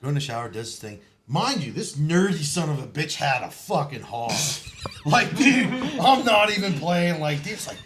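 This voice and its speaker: A man's voice: fairly high pitch, very animated, moderate pace, a crowd in the background. A man, a former Marine, telling raunchy boot camp stories on a podcast, swearing freely, laughing often and acting out the voices in his quotes. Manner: profane, laughing, acts out quotes. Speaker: podcast guest. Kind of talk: casual storytelling.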